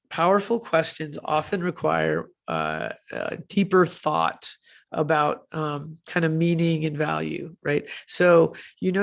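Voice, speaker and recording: Woman speaker, conversational conference delivery, low fry in the voice, self-correcting and checking in with listeners. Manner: chatty, often tags "right?" and self-corrects with fillers.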